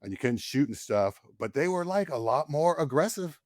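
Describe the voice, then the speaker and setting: In a dry, clean studio recording, a man in his forties who served as a Marine in combat tells war stories frankly as a podcast guest. His voice is a little high and slightly mellow, animated at normal speed, and rises further during the tense parts.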